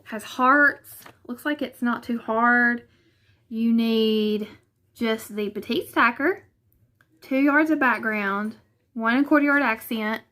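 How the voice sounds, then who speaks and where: A woman's voice: on the high side, pushed and bright. A woman with a Southern US accent chatting casually through a quilting unboxing in her living room, hesitant and thinking aloud as she goes. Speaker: vlogger.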